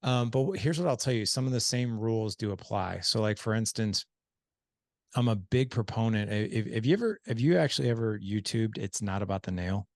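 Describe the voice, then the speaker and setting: In studio-quality audio with no room sound, a man with a lowish voice talks fairly quickly as a podcast guest on fatherhood. In this casual conversation he explains points earnestly and animatedly acts out the quoted dialogue in his stories.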